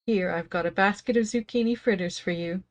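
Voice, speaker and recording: A woman's voice: medium pitch, fairly quick, slight background noise, natural voice. A woman voicing a kindly old grandmotherly woman in a video game, reading her lines in a sweet, lilting voice.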